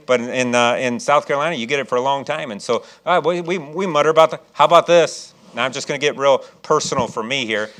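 A man's voice: mid-range voice, fast, hardly any pauses, a bit bright. A man from Chicago preaching a sermon as pastor, with folksy asides and frequent restarts.

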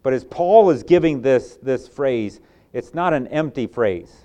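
Southern guy preaching a bible sermon, avg pitch, goes loud then drops soft. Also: lively intonation, measured pace. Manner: preaching with rising emphatic peaks and soft drops. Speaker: pastor.

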